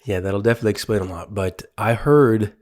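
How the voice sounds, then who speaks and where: Low-voiced man rambling on a podcast. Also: quick pace, darkish tone. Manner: rambling, many fillers and restarts. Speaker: podcast co-host. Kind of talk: casual chat.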